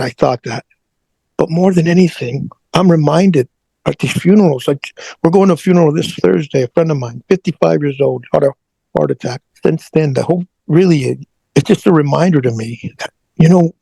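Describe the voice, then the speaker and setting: A man's voice: fairly high pitch, vocal fry, warm tone, breathy edge, dry recording. A man who is a guest on an interview show, telling a personal story earnestly and often repeating his words.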